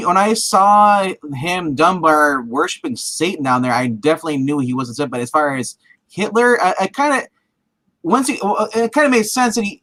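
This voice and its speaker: A man's voice: on the high side, fairly bright tone. Hesitant man chatting about comics. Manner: hesitant, restarts often. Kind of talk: casual chat.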